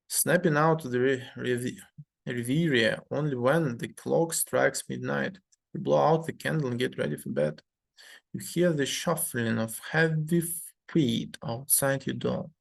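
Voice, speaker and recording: A man reading a story game aloud in a measured way, adding his own commentary with fillers. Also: mid-range voice, vocal fry.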